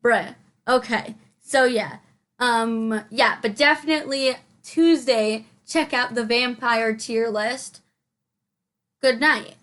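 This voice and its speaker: A woman's voice: on the high side, takes it slowly, fairly bright tone. A young woman hosting her channel, rambling scatterbrained and self-mocking in a casual voice-over as she builds in a game, recorded on a headset mic. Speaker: channel host. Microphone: headphones with mic.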